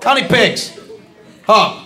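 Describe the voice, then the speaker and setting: A man doing a stand-up comedy routine on a club stage, ranting, shouting punchlines and bantering with the crowd. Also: high voice, lively intonation, unhurried. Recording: live club with loud audience laughter. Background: crowd laughing.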